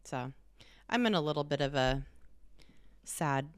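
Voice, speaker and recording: A woman's voice: low-pitched, animated, a little slow, clear, resonant tone, dry recording, studio quality. A woman in her thirties, a parent, chatting casually and rambling with lots of fillers. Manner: rambling, filler-heavy storytelling. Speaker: parent of a young child. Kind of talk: casual chat.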